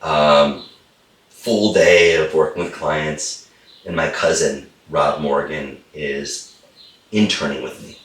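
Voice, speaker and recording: A man's voice: rumbling low, steady tone, slow, a bit bright, roomy sound, far from the mic. A middle-aged man, a holistic chiropractor and guest, telling a story with enthusiasm and repeating phrases for emphasis. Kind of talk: animated storytelling in a conversation.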